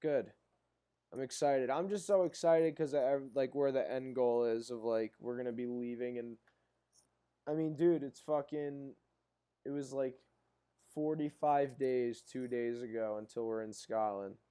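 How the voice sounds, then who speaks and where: A young man co-hosting a podcast from a video call, his pitch sitting right in the middle for a man. He rambles through stories in loose casual chat, swears freely and leans on fillers. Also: steady tone, measured pace, mellow, smooth. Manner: profane, rambling storyteller. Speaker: podcast co-host.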